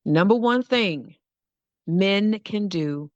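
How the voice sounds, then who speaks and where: A woman's voice: mid-range voice, expressive, slow, dry recording, muffled recording. A woman hosting a podcast, telling a personal story in an earnest way and repeating phrases for emphasis. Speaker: podcast host.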